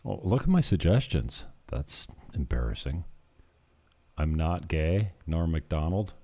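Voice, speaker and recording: Low slow-talking man vlogging. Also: very animated, mellow. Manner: rambling, self-mocking, drops in broken Spanish. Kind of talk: casual vlog chat.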